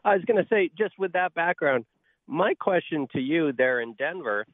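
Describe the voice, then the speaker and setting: Male phone caller, mid-pitched and deliberate, dry and tinny over the phone line. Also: animated, dry recording. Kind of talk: radio call-in. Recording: phone line into radio show.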